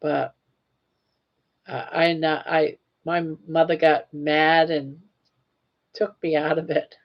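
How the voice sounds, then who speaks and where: A woman's voice: low-pitched, flat delivery, takes it slowly, dull audio. An older woman hosting a casual livestream, telling stories in a chatty way and laughing often. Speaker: livestream host. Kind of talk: casual chat.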